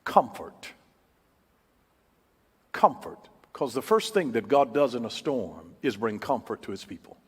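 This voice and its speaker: A man preaching a sermon, emphatic and repetitive, swinging from loud declarations to hushed words. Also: mid-range voice, lively intonation, moderate pace, hardly any pauses, husky, in a large hall.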